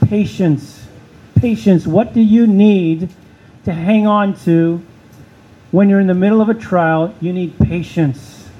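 A man's voice: sits high, measured pace, dark tone, highs cut off. A man preaching a sermon as pastor, asking the listeners questions and repeating key words for emphasis.

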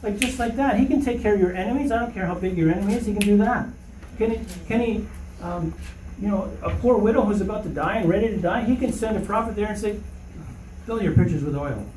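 A high-voiced man teaches scripture to a small group, emphatic and often asking "okay?". His tone is mellow and relaxed. He sounds set back from the mic in a roomy space with faint ambience. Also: quick pace, distant mic, slight background noise. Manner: emphatic, rising to preaching fervor, often asks "okay?". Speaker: Bible study leader. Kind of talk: informal Bible teaching.

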